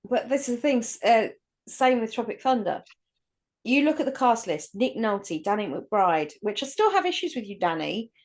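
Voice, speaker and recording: A woman's voice: on the high side, big pitch swings, moderate pace. Opinionated, sweary woman co-host. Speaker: podcast co-host. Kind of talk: casual chat.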